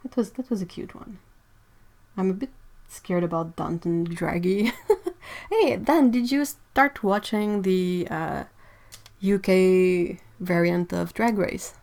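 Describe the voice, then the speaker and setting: A woman's voice: on the low side, slow. Chatty woman streaming. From Quebec, Canada. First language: French. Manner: chatty, reads out viewer comments, drifts quieter while working. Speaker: artist livestreamer. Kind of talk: casual livestream chat while painting.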